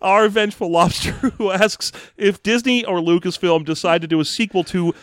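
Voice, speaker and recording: A man's voice: sits high, fairly even intonation, normal speed, fairly bright tone, smooth, dry recording. A man co-hosting a podcast, reading listener questions and trading wry jokes. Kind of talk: casual comedic chat.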